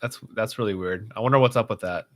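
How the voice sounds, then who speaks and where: A man's voice: fairly low pitch, fast. A man hosting a casual livestream, reading viewer comments aloud and chatting in a rambling way with lots of fillers. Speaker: livestream host.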